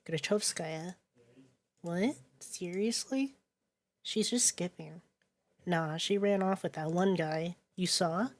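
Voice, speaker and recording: Streaming a narrative game, a woman reads its text aloud and reacts with chatty commentary, laughing often and swearing casually. Her voice is fairly low, and she takes her time.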